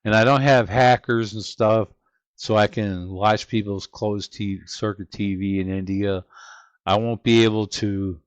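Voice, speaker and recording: A man's voice: lowish voice, steady tone, measured pace, no room sound, muffled recording. An older man hosting his channel, talking over clips in an earnest, reflective way. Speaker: channel host narrating clips. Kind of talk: casual commentary.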